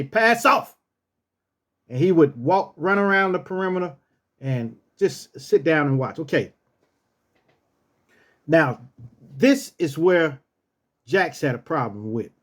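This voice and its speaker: A storyteller host, male, spins a laid-back tale in a high voice whose pitch swings a lot. His delivery is slow and loose until he shouts out each command gruffly, like a drill sergeant.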